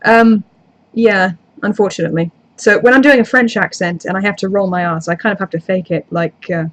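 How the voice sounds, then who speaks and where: A woman's voice: lowish voice, fairly even intonation, a little fast. A woman YouTuber in casual live chat, answering viewer comments in a rambling, chatty way with self-deprecating asides.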